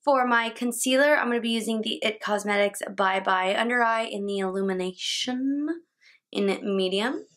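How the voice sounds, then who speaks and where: A young woman with a highish, somewhat bright voice chats at normal speed through her makeup routine at home, beauty-vlogger style. It's a tutorial talk-through indoors, with the odd stumble over words that she laughs away.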